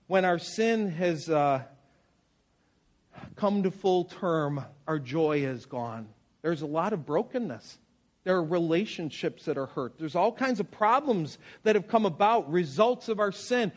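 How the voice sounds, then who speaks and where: A man preaching a sermon in an earnest, conversational way, with personal stories. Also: on the high side. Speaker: pastor.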